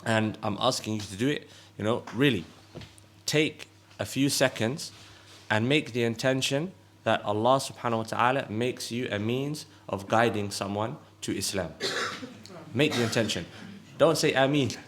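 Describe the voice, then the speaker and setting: A man's voice: mid-range voice, normal speed, a bit bright. A man from the audience earnestly urging listeners in a religious appeal, repeating his requests. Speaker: audience speaker. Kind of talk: religious exhortation.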